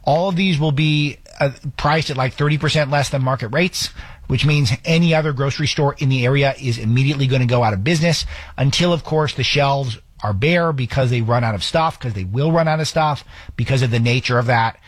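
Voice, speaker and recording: Husky, sarcastic talk radio man. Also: mid-range voice, no echo. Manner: fast, sarcastic, with restarts. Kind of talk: opinionated radio commentary.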